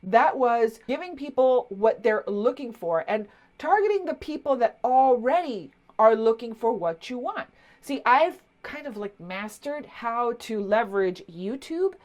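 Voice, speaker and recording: A woman in her fifties, a marketing coach, telling a personal story in a chatty, animated way with many asides. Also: fairly high pitch. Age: 50s.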